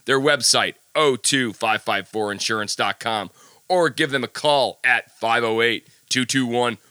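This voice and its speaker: Chatty, self-mocking male podcast host; sharp, bright voice, dead-dry close recording. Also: medium pitch, unhurried, clear, resonant tone, dry recording. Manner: chatty, jokey, self-deprecating. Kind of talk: casual podcast monologue with ad reads.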